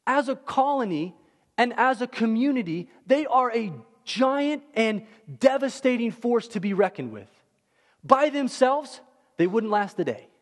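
A man preaching a sermon in an animated, conversational way, full of fillers like "like" and "right?". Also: extremely high pitch, a little slow. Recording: long hall reverb.

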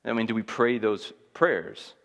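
A man's voice: fairly low pitch, a little slow, vocal fry, a bit bright. Guy preaching a sermon, chatty and emphatic, sounds like a big echoey church hall. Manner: conversational, emphatic preaching with rising intensity. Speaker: pastor.

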